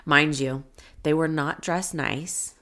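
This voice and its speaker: A woman's voice: low-pitched, steady tone, slow pace, fairly bright tone. A woman hosting a motivational podcast, telling a personal story in an earnest, encouraging way. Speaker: podcast host.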